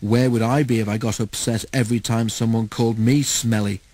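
A man's voice: mid-range voice, fairly even intonation, fairly quick, darkish tone, no echo, natural voice. A man voicing a good-natured, encouraging male engine in a storybook reading.

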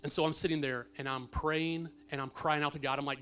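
A middle-aged pastor telling a personal faith story in a sermon, earnest and swinging from hushed to emphatic. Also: male voice, on the high side, fairly even intonation, quick pace, hardly any pauses, clear, resonant tone.

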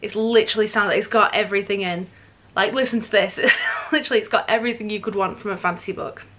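A woman's voice: medium pitch, fairly even intonation, quick pace, fairly bright tone. A woman in her twenties chatting enthusiastically about books she bought, gushing and chatty. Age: 20s. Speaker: book vlogger. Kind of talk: casual book haul vlog.

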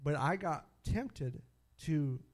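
Animated preacher man, excitable. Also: a little high, slow. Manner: animated, exclaims hallelujah often, laughs at own stories. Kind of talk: sermon storytelling.

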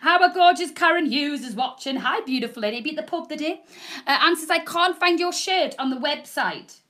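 Loud, bubbly woman presenter. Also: sits high, lively intonation, moderate pace. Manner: loud, bubbly, greets viewers by name. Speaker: shopping channel presenter. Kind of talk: live selling stream, chatty. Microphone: proper microphone.

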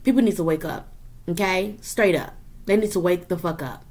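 A woman's voice: on the low side, normal speed, darkish tone. A woman giving a casual tarot reading to her viewers, talking in a profane, emphatic way and tagging her points with "okay?" and "period.". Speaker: tarot reader.

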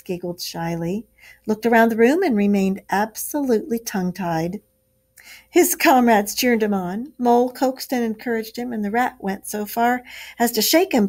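A woman teacher reading a storybook aloud to a class with expressive, steady storytelling. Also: on the high side.

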